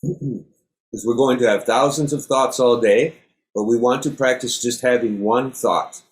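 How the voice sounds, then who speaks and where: A middle-aged man, a yoga instructor, calmly leading a class through breathing exercises with step-by-step cues. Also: mid-range voice, measured pace.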